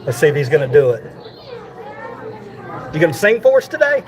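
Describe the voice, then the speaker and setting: A crowd can be heard behind this vlogger as he tours a zoo outdoors live, chatting, laughing, repeating himself and slightly winded from walking. His voice is on the high side, sing-song and a little fast.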